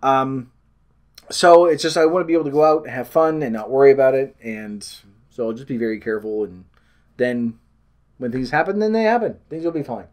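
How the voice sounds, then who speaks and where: A man's voice: medium pitch, brisk, a little mellow. A man from Canada, chatting in a rambling, self-deprecating way on a weight loss vlog and often losing his train of thought.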